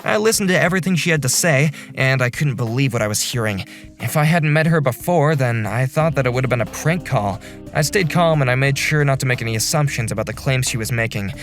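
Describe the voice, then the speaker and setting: Man voicing a calm, earnest section chief. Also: mid-range voice, fast talker, faint music behind, lightly acted. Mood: narrating. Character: steady male office section chief, young adult. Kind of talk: dubbed animated drama narration.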